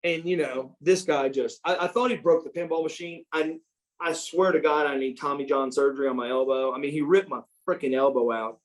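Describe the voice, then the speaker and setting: Middle-aged guy rambling through old stories, kinda high voice, stumbles and repeats himself a lot. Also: fairly quick. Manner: animated, repeats words, acts out quotes. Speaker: interview guest, former pro wrestler. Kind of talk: casual storytelling.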